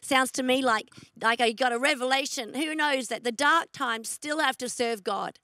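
A woman's voice: sits high, normal speed, pushed and bright, dry recording. A woman pastor with an Australian accent giving an online sermon, earnest and emphatic, often repeating her questions.

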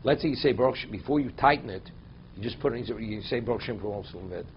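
A man's voice: lowish voice, fast talker, lo-fi sound, slight background noise. Man teaching a text-based halacha class. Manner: reads Hebrew text aloud, then explains it in English. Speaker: Torah teacher.

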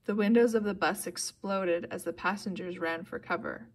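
A woman's voice: fairly even intonation, moderate pace. A woman reading a novel aloud steadily, lifting her voice for the characters' lines. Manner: reads steadily, voicing characters with louder, higher bursts. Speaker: audiobook reader.

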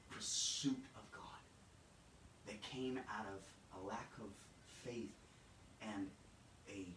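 A man preaching a sermon, dramatic and repetitive, swinging between shouts and hushed, low passages. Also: a little hiss or hum. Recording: echoey room, mic at a distance.

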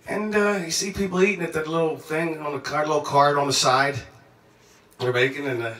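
A man with a fairly high voice tells a wild travel anecdote, cursing freely and getting worked up as he jumps from one thought to the next. His voice bounces around an echoey room, picked up from a few feet away. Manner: excitable, profane, jumps around mid-sentence. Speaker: storyteller. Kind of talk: casual rambling anecdote. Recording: echoey room, mic at a distance.

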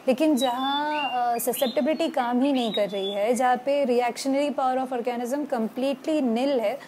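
High-pitched Indian woman lecturing hesitantly. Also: racing, noisy background. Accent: Indian English. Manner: hesitant, many fillers, switches between English and Hindi. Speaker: homeopathy lecturer. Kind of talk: casual online lecture.

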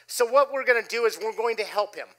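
A middle-aged man preaching a sermon, telling a personal story with animated delivery and dropping his voice low for quoted lines. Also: fast talker. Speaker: pastor. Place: church stage before a congregation.

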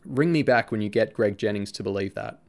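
A man voicing a cheeky, excitable teenage schoolboy who teases his friend and bursts out laughing. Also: fairly low pitch, brisk, natural voice. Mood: evasive.

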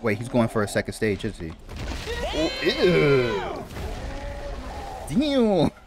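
A man commentating live on his own gameplay, excitable, repeating phrases and swearing at the enemies on screen. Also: lowish voice, unhurried, background noise. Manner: excitable, repeats himself, swears and laughs at the game. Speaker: gamer.

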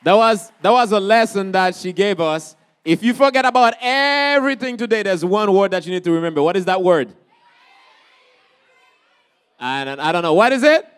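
A man from Haiti hosts a campus celebration, his voice pitched high and smooth. He keeps the energy up, calling out to the crowd and firing off questions. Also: expressive, moderate pace, a bit bright. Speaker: event emcee. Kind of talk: lively event hosting. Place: college campus event.

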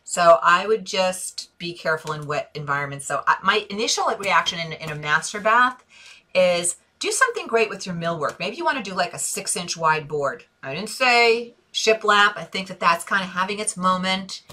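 A middle-aged woman with a bright, forceful voice pitched a little low, hosting a casual live stream from her home desk. She talks in a chatty, rambling way, reading out viewers' comments and answering them. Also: animated, normal speed. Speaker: interior design host. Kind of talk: casual Facebook Live chat.

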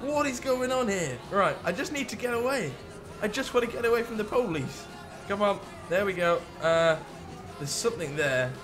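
Gamer dude yelling at npcs, kinda high voice, chatty and jumpy. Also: male voice, normal speed, music in the background. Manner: excitable, talks to game characters, laughs often. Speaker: gaming YouTuber. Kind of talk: casual gameplay commentary.

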